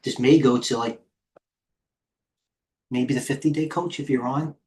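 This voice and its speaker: A man's voice: medium pitch, fairly even intonation, measured pace, a little mellow. A middle-aged man hosting a live trading stream, tired, rambling off the cuff as he jumps between stock tickers. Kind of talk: live market commentary.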